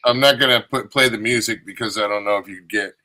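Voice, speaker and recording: A man's voice: fairly low pitch, fairly even intonation, fast talker, pushed and bright. A man co-hosting a casual podcast, interjecting and pointing out clips. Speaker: podcast co-host. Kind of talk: casual chat.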